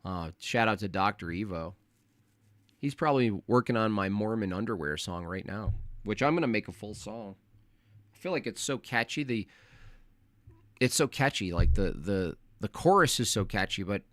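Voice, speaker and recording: A man hosting a live stream, ranting in a mocking, crude and animated way. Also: fairly low pitch, no room sound. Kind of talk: casual live stream rant.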